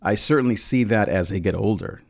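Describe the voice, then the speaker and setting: A man in his forties, a parenting channel host, giving gentle, earnest advice with frequent pauses and restarts. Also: lowish voice, vocal fry. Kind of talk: reflective advice talk.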